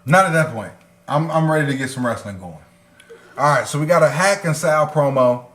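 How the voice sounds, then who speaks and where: A man's voice: on the high side, fairly quick, echoey room. A man co-hosting a wrestling review podcast. He recaps matches in casual, profane chat, laughing as he goes. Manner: animated, swears freely, laughs while recapping.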